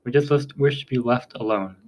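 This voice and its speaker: A composed older tribal chief who speaks with unhurried, formal courtesy, as a male audiobook reader voices him. His words stay polite and even, with a mid-pitched voice. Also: close to an everyday voice. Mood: calm. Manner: measured, formal, polite speech.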